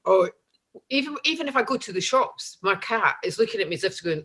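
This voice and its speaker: A woman's voice: medium pitch, animated, fast, fairly bright tone, husky. A Scottish woman in her forties, a guest chatting casually over a remote call and laughing often as she tells stories. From Scotland. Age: 40s. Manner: chatty, laughs often, acts out voices in anecdotes. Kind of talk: casual chat.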